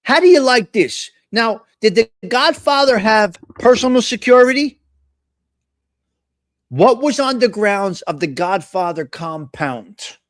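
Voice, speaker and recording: A man hosts a live chat stream. His voice sits high, and he rants excitably with plenty of profanity. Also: measured pace. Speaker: host.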